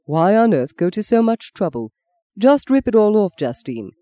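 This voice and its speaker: A reader voicing Arthur, a suave man who speaks slowly and coaxingly, with a theatrical touch. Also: mid-range voice, sing-song, warm tone, no room sound, pitched above the performer's own voice, lightly acted.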